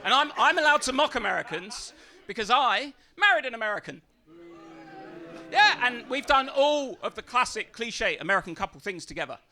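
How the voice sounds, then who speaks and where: A man's voice: extremely high pitch, sing-song, moderate pace, sharp tone. A man doing a stand-up set on a comedy club stage, with a brash, sweary, mocking delivery.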